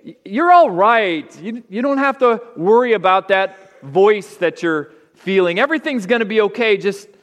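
A man voicing a coaxing inner voice that brushes off concern, in a higher, louder, breezy tone. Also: expressive, normal speed, hardly any pauses, in a large hall. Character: coaxing dismissive inner voice, male.

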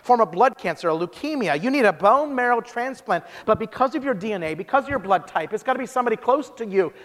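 A woman's voice: on the high side, lively intonation, fast, close to an everyday voice. Blunt female oncologist, put on by a male preacher; exasperated, in a reverberant hall. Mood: matter-of-fact. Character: matter-of-fact female cancer doctor.

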